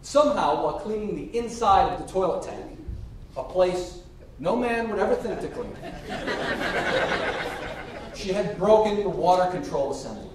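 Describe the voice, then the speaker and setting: A man's voice: moderate pace, pauses often. A man giving a storytelling speech as a contestant at a public speaking competition, acting out the quoted dialogue. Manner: lively, acts out quoted dialogue. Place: hall. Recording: echoey hall from far off with faint rumble.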